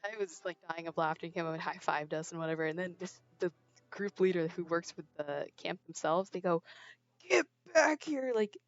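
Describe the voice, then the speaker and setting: Fairly quick and fairly even in intonation, this low-leaning female voice belongs to a teenage streamer rambling through a story as she plays a game. She giggles a lot, and her small earbud mic gives a dry, dull, lo-fi sound.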